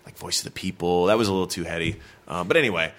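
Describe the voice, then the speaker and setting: A man chatting casually as a podcast guest, laughing often and joking quickly. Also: deep voice, fairly bright tone. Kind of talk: casual chat.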